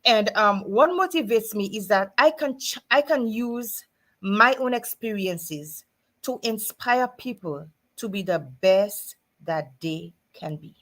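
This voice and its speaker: A woman's voice: mid-range voice, expressive, takes it slowly. A middle-aged woman hosting her nightly live show, speaking earnestly and emotionally about her own struggles, with frequent restarts and fillers. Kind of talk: heartfelt personal talk to a live audience.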